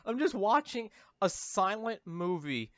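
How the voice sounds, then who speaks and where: A man's voice: high-pitched, animated, unhurried, a bit bright, dry recording. A man giving rambling, jokey movie-riffing commentary as a YouTuber, full of silly asides and stumbling fillers. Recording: dull lo-fi sound, dry.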